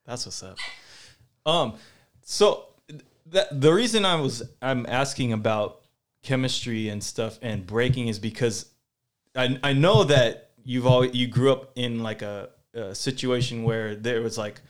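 A man's voice: mid-range voice, unhurried. Jokey man interviewing casually. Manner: jokey, playful, puts on silly voices. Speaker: host, interviewer. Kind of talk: casual chat.

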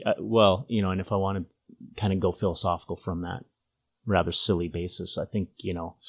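Deep husky man, casual interviewee, anecdotal and light. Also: poor audio. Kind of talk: casual conversational answer.

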